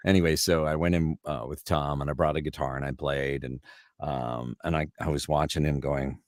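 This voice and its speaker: A middle-aged voice actor in a casual interview, rambling through stories and laughing often, heard over a video call. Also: male voice, extremely low pitch, steady tone, brisk, a bit bright, dry recording, studio quality. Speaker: voice actor guest.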